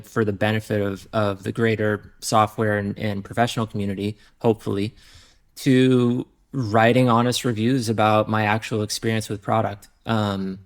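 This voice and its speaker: Gravelly-voiced man, candid and rambling. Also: lowish voice. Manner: candid, rambling, lots of fillers and restarts. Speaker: software founder and guest. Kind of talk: casual podcast interview.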